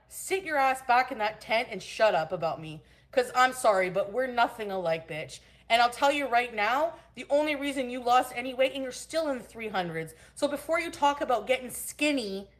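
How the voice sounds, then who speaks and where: A woman hosting a casual livestream from home. She greets her chat viewers by name and goes on angry, profane rants. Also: fairly high pitch. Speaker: livestream host.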